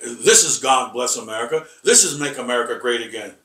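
A man teaching a rambling Bible lesson, halting and repeating words with many fillers, emphatic and combative. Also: mid-range voice, animated, sharp tone. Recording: echoey room, voice from far off.

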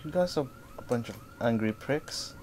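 A man casually commenting on his gameplay, swearing and excitedly talking back to the characters on screen. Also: mid-range voice, moderate pace, slight background noise. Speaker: gamer playing through a game. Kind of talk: casual let's-play commentary.

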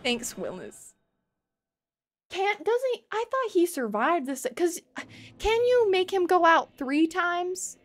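A woman's voice: very high voice, sing-song, slow pace. A woman streamer giving casual gameplay commentary with dramatic mock grief, playful and swearing.

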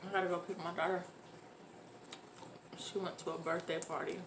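A woman's voice: lowish voice, little pitch movement, normal speed, noisy background. A woman hosting an eating video from home, chatting casually to camera and talking with her mouth full between bites. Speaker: mukbang host. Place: at home with children nearby.

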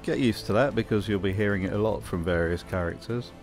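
A man's voice: lowish voice, fairly quick, soft background music. A man narrating a scripted video essay with wry, jokey commentary.

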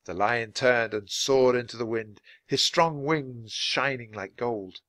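A man reading a children's adventure book aloud, clear and steady for language learners. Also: mid-range voice, slow, no echo. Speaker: storybook reader.

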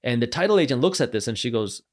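Man telling animated stories as a guest. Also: medium pitch, fast. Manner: acts out the people in his stories with lively voices. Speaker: podcast guest, entrepreneur. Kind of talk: animated storytelling.

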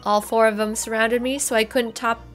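A cheeky young street thief girl , voiced by a woman, boasts full of slang. Her voice sits high and bright. Faint music runs underneath. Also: little pitch movement, moderate pace, lightly acted. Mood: boastful.

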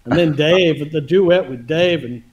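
A man telling a story in casual chat over a video call, animated and laughing often as he acts out dialogue. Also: a little high, unhurried, crowd noise, low-quality recording.

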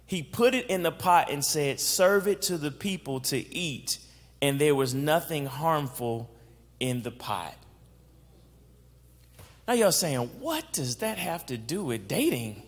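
A man preaching a casual, joking sermon on dating to a congregation, asking them questions. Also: fairly high pitch. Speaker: guest preacher. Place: church sanctuary. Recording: long hall reverb.

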